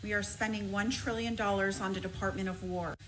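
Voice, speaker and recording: A woman's voice: medium pitch, fairly even intonation, brisk, noisy background. A woman giving indignant political commentary, rattling off figures in a played clip.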